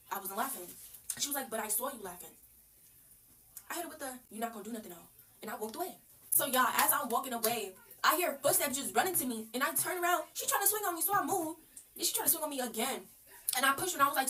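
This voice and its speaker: A young woman tells a story-time at a quick clip in a bright, raised voice. Her manner is slangy and blunt. The mic sits a little away from her, with a faint hiss underneath. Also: a little high, recorded from a distance. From New York. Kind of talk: casual story-time monologue.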